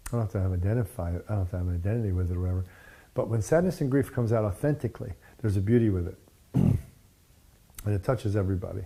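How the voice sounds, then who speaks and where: A man's voice: fairly low pitch, mellow, husky. A man giving a casual, digressive dharma talk as a meditation teacher, often tagging on "you know" and "right?".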